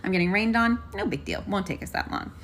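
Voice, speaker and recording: A young woman telling a story in casual, profane speech, switching to high put-on voices for the people she quotes. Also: lively intonation, fast, fairly bright tone, a little hiss or hum.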